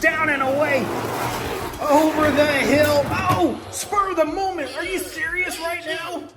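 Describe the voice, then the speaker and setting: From his home garage, a man hosts and commentates toy monster truck races like a hyped, dramatic announcer. His voice is very high and steady, and he speaks a little slowly in his excited commentary.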